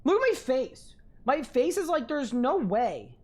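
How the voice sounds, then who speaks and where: A young woman giving live gaming commentary on a stream, talking to chat, excitable and quick to laugh. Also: high-pitched.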